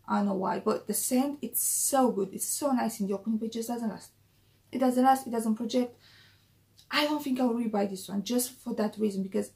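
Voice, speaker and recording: A woman with a slightly high, gravelly voice, chatting casually to camera in a perfume review vlog. Her tone is mellow and dark, and she often repeats her main points for emphasis.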